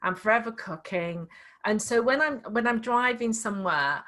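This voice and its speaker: Middle-aged Scouse woman, fairly high voice, chatty coach who restarts sentences a lot, heard over a video call. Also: moderate pace, fairly bright tone. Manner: chatty and explanatory, with frequent restarts. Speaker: dyslexia coach. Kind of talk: one-to-one coaching session.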